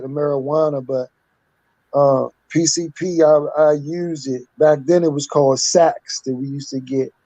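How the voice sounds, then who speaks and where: A man's voice: fairly high pitch, mellow, dry recording, highs cut off. A man in his fifties, a guest telling his life story candidly in a rambling, casual way. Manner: candid, rambling, street-talking with repeated "like".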